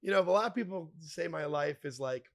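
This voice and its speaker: A man telling wild stories as a podcast guest, animated and profane, acting out other people's lines. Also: fairly high pitch, fast. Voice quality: animated, profane, acts out quoted voices. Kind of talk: casual storytelling.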